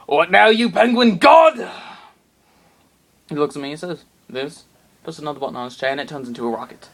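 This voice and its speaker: A man telling an absurd comic story in a rambling, excitable way with plenty of fillers. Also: medium pitch, gravelly.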